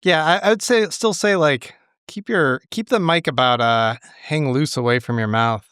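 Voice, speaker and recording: Smooth-voiced easygoing producer man. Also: a little high, moderate pace, fairly bright tone, dry recording, clean studio sound. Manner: easygoing, reassuring. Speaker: podcast producer. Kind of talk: casual podcast chat.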